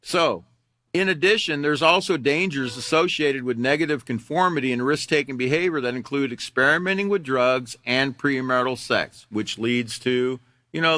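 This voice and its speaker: A man's voice: mid-range voice, lively intonation, normal speed, bright, forceful tone, dry recording. A middle-aged man teaching a character education class, telling a candid personal story in a conversational way. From Alaska.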